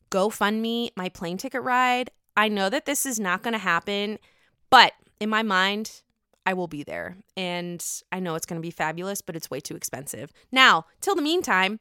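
Pittsburgh woman podcast host, sore-throated, frank and foul-mouthed, crisp tone in a dry room. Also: mid-range voice, pushed and bright, no echo. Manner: candid, profane, chatty. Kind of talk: casual reality-TV gossip chat.

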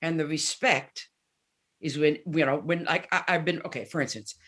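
Speaking in a deep voice at normal speed, a woman of seventy, a guest musician, chats casually in an interview. She tells her stories animatedly, acting out each line of dialogue.

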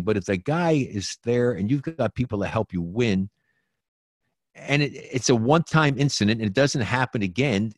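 A man's voice: mid-range voice, a little mellow, dry recording, clean studio sound. Rambling, opinionated male sports talk host.

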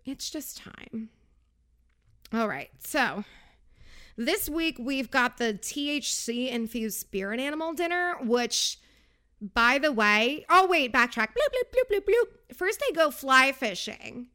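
Woman podcaster, casual and gossipy recap voice, slightly high, smooth. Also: expressive, slow, bright, forceful tone. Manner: chatty, gossipy, sarcastic asides.

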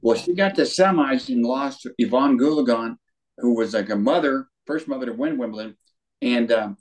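Older male guest, lively storyteller who acts out quotes, average pitch. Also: moderate pace. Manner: animated storyteller with acted quotes. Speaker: guest, former tennis pro. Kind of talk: storytelling interview.

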